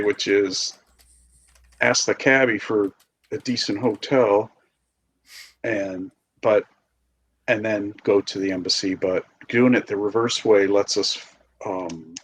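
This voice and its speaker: Man, player, lowish voice, hesitant, thinking aloud, faint background noise. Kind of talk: casual tabletop play.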